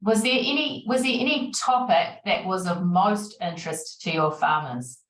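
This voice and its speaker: A woman's voice: fairly low pitch, expressive, normal speed, fairly bright tone, distant mic. New Zealand woman moderating, effusive and encouraging; roomy echo, sits back from the mic. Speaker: session moderator. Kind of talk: online webinar Q&A.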